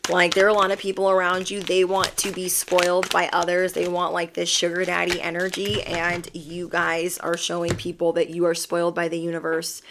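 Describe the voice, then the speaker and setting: A woman's voice: on the low side, completely flat delivery, normal speed, few pauses, background noise. A woman giving an emphatic pick-a-card tarot reading, repeating affirmations. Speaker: tarot reader.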